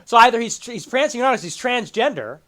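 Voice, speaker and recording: A man's voice: very high-pitched, big pitch swings, fast talker, a bit bright. A man hosting a livestream, ranting and mocking a video he is reacting to with laughter and exaggerated emphasis. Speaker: streamer host. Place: home streaming setup with green screen.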